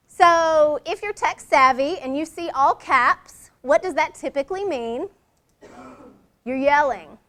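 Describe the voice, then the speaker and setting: A middle-aged woman leads a workshop in a conversational presentation. Her voice sits high, and she acts out short example lines in different tones to make a point. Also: takes it slowly, fairly bright tone. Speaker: workshop leader.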